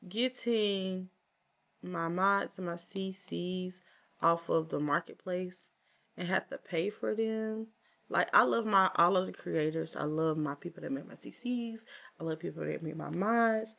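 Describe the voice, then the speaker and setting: A woman speaking narrates her farm game for viewers, talking back to her characters and airing small frustrations. Her voice sits a bit low with a gravelly edge. The recording sounds dull and lo-fi. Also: measured pace, fairly bright tone. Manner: chatty, talks to viewers and her game characters, exasperated asides. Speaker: gaming channel host. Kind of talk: casual let's-play commentary.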